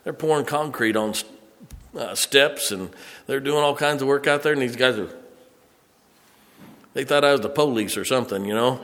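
A man preaching a sermon as pastor, rising to loud emphasis on scripture and dropping into folksy, chatty asides. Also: medium pitch, in a large hall. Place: church sanctuary.

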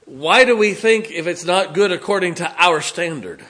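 A pastor delivers his sermon with a drawl and a plainspoken, joking bluntness. His voice sits a touch high for a man and rings bright and forceful as he speaks to his church. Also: normal speed.

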